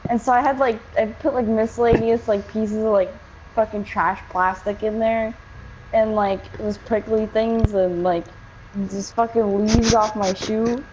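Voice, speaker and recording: A woman's voice: on the high side, darkish tone, a little hiss or hum. A young woman casually telling a story, rambling with lots of fillers and swearing. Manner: rambling, swears a lot, many likes and fillers. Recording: dull lo-fi game-capture audio.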